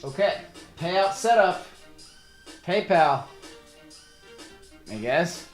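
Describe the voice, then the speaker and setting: Rambling man with a lively voice. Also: sits high, drawn-out words. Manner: rambling, stammering storyteller. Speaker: livestream host. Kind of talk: casual chat. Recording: roomy echo, faint music.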